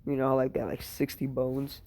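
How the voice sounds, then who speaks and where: A man's voice: mid-range voice, flat delivery, moderate pace, dark tone. A tired young man improvising a fan story, rambling and crude, full of fillers and swearing. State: tired, sleepy.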